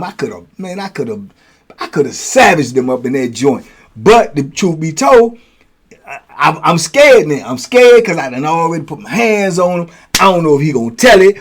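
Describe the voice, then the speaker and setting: A man telling stories from prison in a casual, animated way, acting out blows with sound words. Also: a little high. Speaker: storyteller, host.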